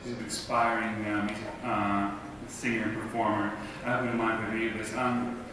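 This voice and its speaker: A hesitant, polite man reads a question from the audience floor, with halting starts. His mid-range voice bounces around a cavernous hall. Crowd noise hums beneath him, and the mic sounds far away. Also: fairly low pitch, flat delivery. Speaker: audience member asking a question. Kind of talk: reading a fan question. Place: large convention hall. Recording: echoey hall from far off, noisy.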